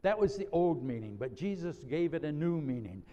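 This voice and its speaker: A middle-aged male pastor preaching a sermon in a measured way, slowing down to read scripture. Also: fairly high pitch, sing-song. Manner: measured, slows down on scripture quotes. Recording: dull audio in a reverberant hall.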